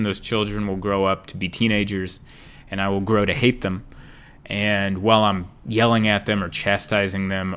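A young man hosting his own comedy podcast, talking casually in a rambling, jokey way with sarcastic asides and big swings in pitch and loudness. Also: smooth. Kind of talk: casual solo podcast monologue.

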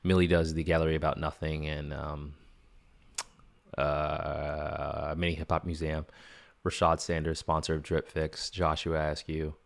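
A man with a very deep, low voice talks through a casual solo podcast update. He rambles and restarts often, speaking candidly into a dry, close mic with no room sound. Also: level tone, measured pace, gravelly, no echo. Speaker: podcast host.

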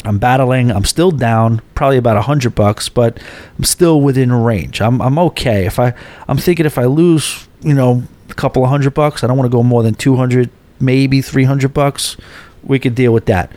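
A man hosting a podcast, telling a long personal story casually with animated asides and quick restarts. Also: mid-range voice, no room sound. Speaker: podcast host.

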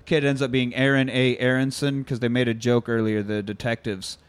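A man casually recapping a film plot in chat, animated and often laughing. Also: mid-range voice, brisk, smooth, no echo. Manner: animated retelling, acts out quotes with laughs. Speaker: podcast co-host.

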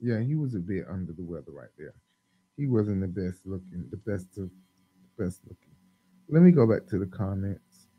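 A man hosting a casual live-stream chat, talking loosely and rambling with lots of ums, openly high. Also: animated, normal speed, pauses often, husky, dry recording, muffled recording.

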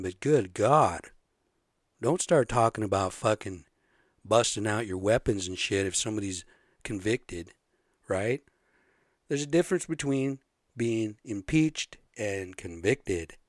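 Profane rambling man with a raspy throat. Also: fairly low pitch, a little slow, long pauses, no room sound, studio quality. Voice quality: a little raspy. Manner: blunt, profane, rambling with frequent "right?". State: sore throat. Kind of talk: casual ranting monologue.

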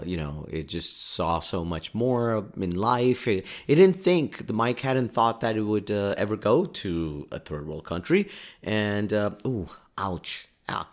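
Male podcaster, somewhat low voice, loose storytelling monologue, pokes fun at himself. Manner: chatty, self-deprecating, laughs often. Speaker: podcast host. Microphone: podcast microphone.

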